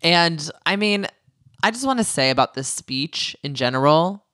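A man's voice: fairly high pitch, expressive, normal speed, pushed and bright, clean tone, no room sound, studio quality. Man chatting casually as co-host. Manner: chatty, storytelling with quoted voices. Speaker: podcast co-host. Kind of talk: casual chat recapping a reality show.

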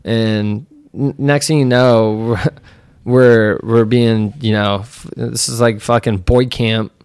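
A man's voice: mid-range voice, steady tone, takes it slowly, darkish tone, clear, resonant tone, no echo, clean studio sound. A young man hosting a podcast, telling a rambling, profane story in casual chat. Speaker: podcast host.

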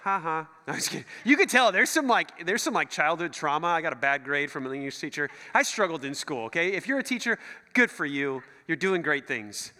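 Lively high-voiced man preaching in a church hall. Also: fairly quick. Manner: animated, jokey, acts out quoted voices. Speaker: pastor. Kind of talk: sermon.

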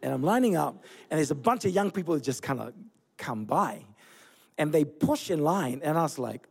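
A pastor in his forties, originally from Fiji, delivers a sermon through lively personal stories. His voice sits somewhat high for a man. He laughs at his own mishaps as he goes. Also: normal speed, creaky. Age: 40s. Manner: storytelling, animated, laughing at himself. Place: church.

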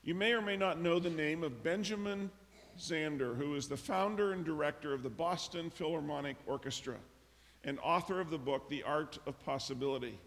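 A man preaching a sermon as pastor, telling stories and acting out the characters' lines with lively emphasis. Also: a little high, moderate pace. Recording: long reverb of a large hall.

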